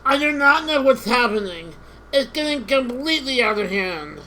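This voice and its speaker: A woman playing a strategy game live, exasperated, repeating herself and shouting at units on screen. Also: high-pitched, big pitch swings, moderate pace, slight background noise, low-quality recording. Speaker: gamer.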